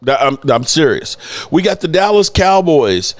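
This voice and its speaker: A man with a slightly high, very lively voice hosts a casual sports stream. He talks loosely and jokes, with crude asides as he shouts out his viewers. The sound is dry and close to the mic. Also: moderate pace, no echo. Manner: loose, joking, profane, greets chat viewers by name. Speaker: host of a sports news channel.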